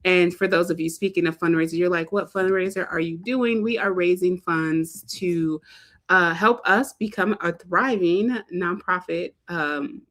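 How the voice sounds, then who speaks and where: A woman's voice: fairly low pitch, steady tone, unhurried, a bit bright. A woman hosting a live fundraising stream, talking casually and animatedly, with lots of fillers and playful put-on quotes. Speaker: livestream host, fundraiser organizer. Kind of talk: casual livestream talk.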